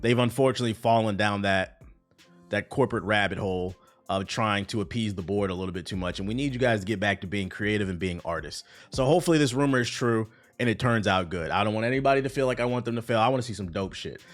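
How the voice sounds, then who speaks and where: A man's voice: fairly low pitch, fast talker. A man streaming live, casually and profanely commenting on gaming news and talking to his chat. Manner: profane, rambling, talks to chat. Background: music beat playing.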